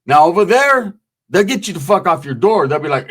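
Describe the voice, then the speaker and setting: Guy telling jail stories, cussing a lot, kinda high voice, loose and streetwise. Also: sing-song, brisk, a bit bright, slightly rough. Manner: profane, streetwise, acts out voices in quotes. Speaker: podcast host telling prison stories. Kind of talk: casual storytelling.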